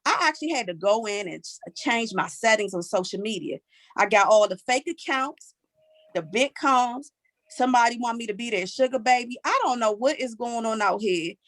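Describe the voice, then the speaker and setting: Sassy 40s comedian lady w a dc accent, dry close sound, lively up and down. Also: on the high side, moderate pace, no room sound. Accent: Washington, D.C. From Washington, D.C. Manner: animated, sassy, punctuates lines with "okay?". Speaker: stand-up comedian. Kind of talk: stand-up comedy set.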